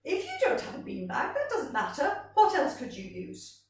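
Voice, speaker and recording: Gentle sing-song woman teaching in a roomy space. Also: high-pitched, wildly swooping pitch, normal speed, far from the mic. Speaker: music teacher. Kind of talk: children's vocal warm-up lesson. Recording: roomy sound from off-mic.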